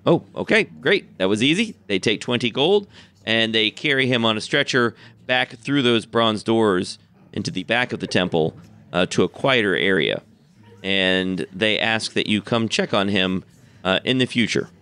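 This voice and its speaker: A man's voice: fairly low pitch, animated, moderate pace, sharp tone, smooth. A man narrating a tabletop role-playing game as game master, telling the story steadily and chuckling often.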